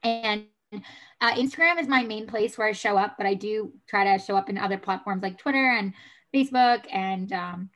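A woman's voice: mid-range voice, moderate pace, fairly bright tone, soft background music. A woman with a New York accent, a guest on a podcast, chatting in a friendly upbeat way with many fillers. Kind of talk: casual interview chat.

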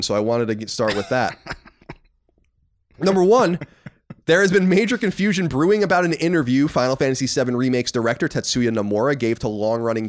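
A man co-hosting a gaming podcast, chatting casually and running through news with strong opinions. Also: medium pitch. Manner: animated, opinionated, swears casually. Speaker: podcast co-host. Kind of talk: casual chat and news rundown.

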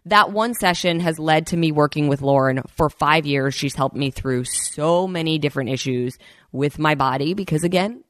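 Speaking at normal speed, a woman with a low, fairly bright voice tells a personal story on her podcast in studio quality with no room sound. Her style is chatty, and she talks right to listeners, calling them "you guys".

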